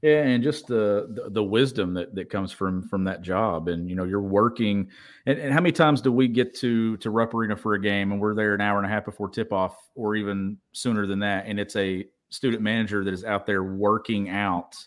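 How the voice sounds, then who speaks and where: A man co-hosting a sports talk show, musing in a relaxed, conversational way. His voice sits fairly low. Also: brisk. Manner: reflective, conversational. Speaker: podcast co-host.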